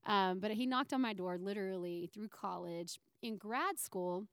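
A woman tells her story of faith as a podcast guest, animated and emotional, with plenty of "um"s and restarts. Her voice sits at a middling pitch, and the recording is dry and close. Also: normal speed, smooth, no room sound. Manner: emotional, near tears. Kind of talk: personal faith story in conversation.

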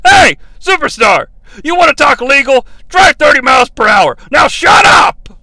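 A man voicing a cocky male wrestling commentator who shouts taunting insults. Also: very high-pitched, sing-song, a little slow, vocal fry, dry recording, pitched above the performer's own voice, full character voice.

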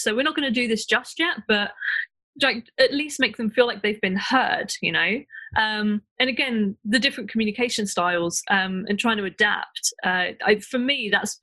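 A woman's voice: mid-range voice, bright, forceful tone. Brief: woman, panel guest, hesitant, um-filled casual advice. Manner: thinking aloud with many ums.

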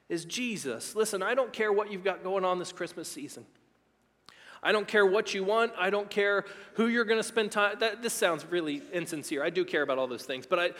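A middle-aged male pastor preaching a sermon, excitable and emphatic, swinging between near-shouting and hushed tones. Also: very high voice, long reverb tail. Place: church sanctuary.

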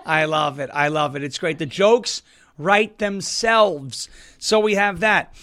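A man hosting a political commentary show. His voice is high-pitched and bright, with a sharp edge. He delivers the news with sarcasm and running jokes. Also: takes it slowly. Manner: sarcastic, joking. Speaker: host.

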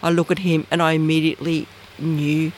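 An Australian woman, an interview guest, telling a personal story in a lively way and acting out the voices and sounds in it. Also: low voice, brisk, a little hiss or hum. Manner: animated, acts out voices and sounds.

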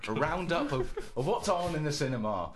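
A man hosting a radio chat show, teasing his guest with frequent laughs and halting restarts. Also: a little high, expressive, a loud crowd. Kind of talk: casual studio chat.

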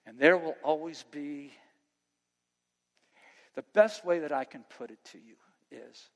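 A man preaching a sermon to students as their pastor, impassioned, swinging between loud preaching and quiet earnest talk. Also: a little high, measured pace, long reverb tail. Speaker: youth pastor.

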